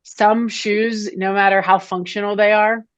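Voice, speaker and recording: A woman's voice: mid-range voice, flat delivery, a little slow, lo-fi sound. A woman in her forties, a foot health clinician, explaining things casually with many fillers and restarts in an interview.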